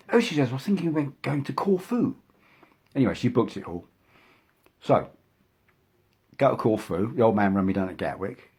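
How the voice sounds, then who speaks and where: A man's voice: darkish tone, breathy edge. An older man from England telling a casual, rambling anecdote, with frequent restarts and asides. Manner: acts out quotes in a higher voice. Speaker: storyteller.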